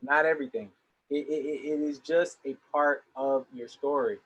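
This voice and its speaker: A man's voice: medium pitch, fairly even intonation, moderate pace, fairly bright tone, dull audio. A young adult man giving an earnest motivational talk to young people. He often repeats words as he starts his sentences. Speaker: motivational speaker.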